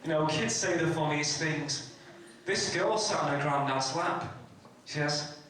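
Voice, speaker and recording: A man's voice: fairly high pitch, measured pace, a bit bright, distant mic, slight background noise. Man telling jokes in echoey hall. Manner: telling a string of mother-in-law and family jokes. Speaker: stand-up comedy contestant. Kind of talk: stand-up joke telling. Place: community hall stage.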